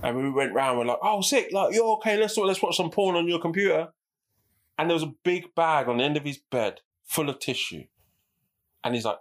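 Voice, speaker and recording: Sweary podcast co-host. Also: male voice, fairly high pitch, lively intonation, brisk. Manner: blunt, sweary, acts out scenes. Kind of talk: casual podcast chat. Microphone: studio microphone.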